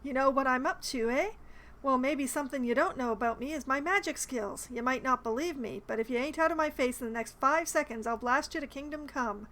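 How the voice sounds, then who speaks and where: A woman reading aloud the lines of a rude, hurried male mage in her own plain voice. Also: sits high. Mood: gruff. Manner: flat read-aloud delivery, no accent.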